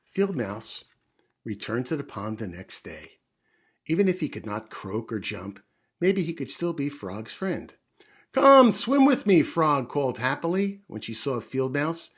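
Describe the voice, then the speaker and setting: A man reading a children's picture book aloud in a gentle storytime manner, pausing to explain things to young listeners. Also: mid-range voice, very animated, husky.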